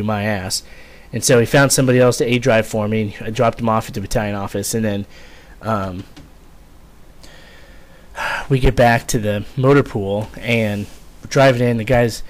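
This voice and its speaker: A young man casually telling a rambling, profane story, full of fillers and swearing. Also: on the low side. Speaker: vlogger, former Marine.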